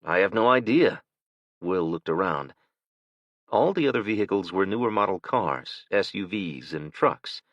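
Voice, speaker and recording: A man reads an audiobook in a steady, measured voice. His voice is very low. The recording is dry and close, with a slightly dull, lo-fi tone. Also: dry recording. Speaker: audiobook narrator. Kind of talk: scripted narration.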